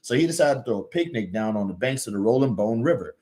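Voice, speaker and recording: A man's voice: mid-range voice, expressive, fast talker, mellow, pitched below the performer's own voice, close to an everyday voice. A man with a Southern US accent voicing an earnest, good-natured little male cartoon hero telling a story.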